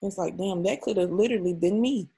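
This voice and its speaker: A woman's voice: medium pitch, quick pace, creaky, warm tone, husky. A young adult woman, an interview guest, telling a personal story in a raw, emotional and frank way, often swearing.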